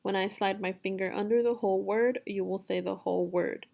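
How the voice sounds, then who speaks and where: A woman teaching a phonics lesson for young children, sounding out words slowly and deliberately. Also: medium pitch, steady tone, creaky, darkish tone. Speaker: second grade teacher.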